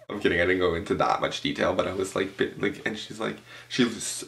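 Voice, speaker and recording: A young man from Canada tells a storytime vlog at home, chatty and animated, swearing freely and stuffing his sentences with fillers. His voice sits fairly low and has a gravelly fry running through it. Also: fast talker. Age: young adult. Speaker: vlogger. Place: room at home, tablecloth backdrop.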